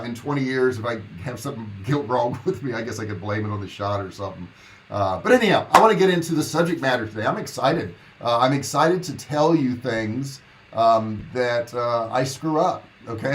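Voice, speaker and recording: A man hosting a casual live business Q&A from his home office, chatty and rambling, with a rough morning throat. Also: mid-range voice, rough recording. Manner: rambling, friendly, chatty with many fillers and asides to viewers. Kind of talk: casual livestream chat.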